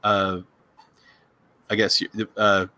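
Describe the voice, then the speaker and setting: Man, casual storytelling, halting, lots of restarts, dry close sound. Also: lowish voice, completely flat delivery, pushed and bright, clear, resonant tone, no echo. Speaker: psychic reader, show host.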